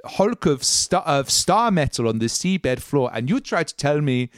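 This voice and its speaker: A man voicing an affectionate female pirate captain with a put-on accent somewhere between German and French, warm and effusive. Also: on the high side, very animated, measured pace, no echo, studio quality, voice pushed up. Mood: fond. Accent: mock German or French.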